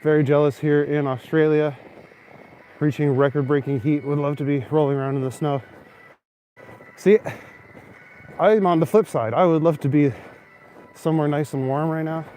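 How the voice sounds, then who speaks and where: A young Canadian man hosts a casual live stream while walking snowy city streets at night, chatting and answering viewers' comments. His voice is a little high and dark-toned, steady, at a moderate pace with long pauses. He holds a phone camera as he walks, and there's slight background noise.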